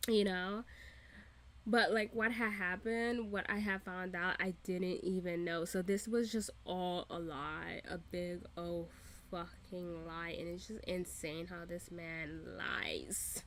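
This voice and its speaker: This reaction host speaks in a medium-pitched, somewhat bright voice. Her commentary comes as exasperated, profane rants, heavy on "like" fillers and restarts, broken up by laughter.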